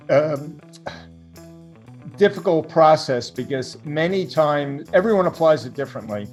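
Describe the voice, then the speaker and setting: An older man with a New York accent, a guest fund manager talking casually and reflectively, with hesitant fillers, from his home over a remote call. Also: mid-range voice. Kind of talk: casual interview talk.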